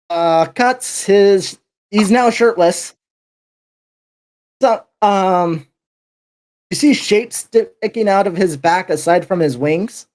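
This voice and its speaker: Male game master, slow and rambling narration with lots of fillers. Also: sits high, darkish tone.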